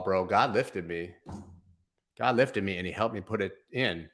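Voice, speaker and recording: Bright-voiced, slangy crypto livestream host. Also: male voice, low-pitched, unhurried. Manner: laid-back, slangy, chatty, reads comments aloud. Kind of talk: casual livestream chart commentary.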